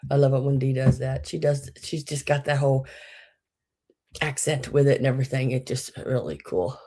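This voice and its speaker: A woman's voice: a bass voice, moderate pace. A woman hosting a live vintage sale stream, chatting in a folksy way and greeting viewers by name. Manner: drops into soft muttering asides. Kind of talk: casual live-stream chat.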